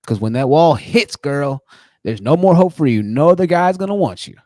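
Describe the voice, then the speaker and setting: A man doing a preachy self-appointed prophet who warns women that their time is running out. The voice rides higher than his usual and swings in a mocking singsong. It sounds warm, with little to no room sound. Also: lively intonation, moderate pace, no room sound, clean studio sound, natural voice.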